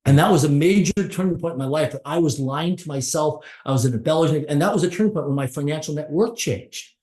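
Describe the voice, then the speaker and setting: A middle-aged man pitched a little high tells a motivational story as an interview guest. He talks emphatically, piling up short repeated phrases. The recording has a roomy echo around his voice. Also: fast, darkish tone. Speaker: podcast guest.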